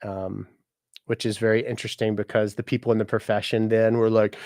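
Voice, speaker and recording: A man's voice: on the low side, flat delivery, moderate pace, a little mellow, no room sound, clean studio sound. A man in his thirties, a musician and content creator, chatting casually on a live stream, joking, laughing and greeting viewers by name. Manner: chatty, jokey, speaks to viewers by name, laughs often, swears.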